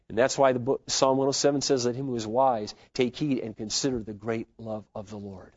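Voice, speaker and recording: A man preaching a sermon as pastor, swinging between loud, fervent declarations and soft, hushed asides. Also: mid-range voice, fairly even intonation, a little fast, few pauses, dry recording. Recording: dull, lo-fi sermon recording.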